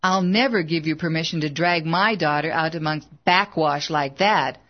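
A woman's voice: deep voice, moderate pace, dull audio, close to an everyday voice. A woman reading the part of a stern, disapproving older mother who speaks curtly and with scorn in a storybook. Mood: scornful. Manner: curt, scornful.

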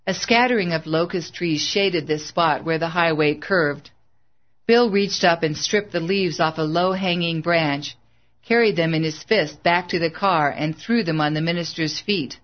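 A narrator reading a biography in a steady, even way, mid-pitched and unhurried. The track is dull and lo-fi, as if from an old audiobook.

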